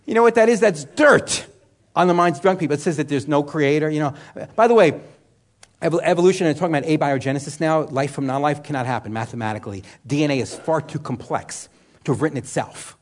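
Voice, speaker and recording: A man's voice: a little high, fast. A man teaching a sermon in a conversational way, asking the room questions and answering them himself. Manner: conversational, with frequent "you know" and restarts. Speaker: Bible teacher.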